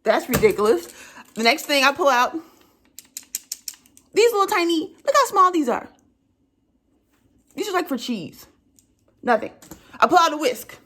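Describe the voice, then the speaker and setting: A woman's voice: sits high, measured pace, long pauses. A young adult woman telling a comedic story in a conversational way, keeps checking in with the listener. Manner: animated, conversational, keeps asking the listener "right?".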